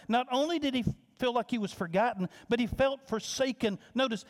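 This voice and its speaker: A man's voice: very high-pitched, a little fast. A man preaching a sermon as pastor, impassioned, repeating phrases and restarting with stammers. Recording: long hall reverb.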